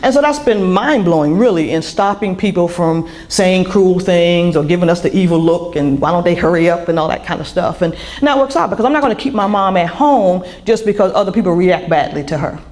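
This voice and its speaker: A woman's voice: lowish voice, a little fast, hardly any pauses, a little mellow. A middle-aged woman, an author, giving a candid personal talk to an audience, full of restarts and fillers. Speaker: author and speaker.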